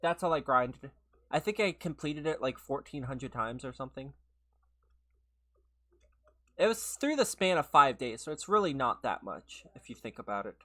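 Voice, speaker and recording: A young adult game streamer chatting casually with viewers while playing, a little hoarse after being sick, laughing often and greeting people by name. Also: medium pitch, animated, normal speed, long pauses, sharp tone. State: slightly hoarse from a recent illness. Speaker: gaming livestreamer.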